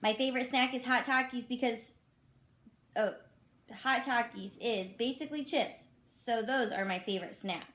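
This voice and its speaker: Woman reading kids' stories aloud. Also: a little high. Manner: slow, expressive storybook reading with chatty comments. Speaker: elementary school teacher. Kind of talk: reading children's books aloud with asides.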